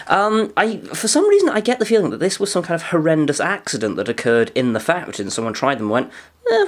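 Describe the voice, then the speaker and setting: A man's voice: mid-range voice, a little hiss or hum. A young man giving a casual, dry-humoured food review, often talking while chewing. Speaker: food vlogger.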